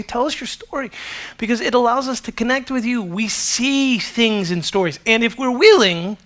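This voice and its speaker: A middle-aged male pastor preaching a sermon to a congregation, telling stories animatedly and acting out the dialogue. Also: high-pitched. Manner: animated storytelling, acts out dialogue. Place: church auditorium with congregation.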